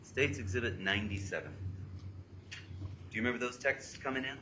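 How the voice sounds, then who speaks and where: A man serving as an attorney, questioning a witness in a courtroom and reading text messages aloud, steady and methodical. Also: medium pitch, fairly quick. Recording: courtroom audio with clear background noise.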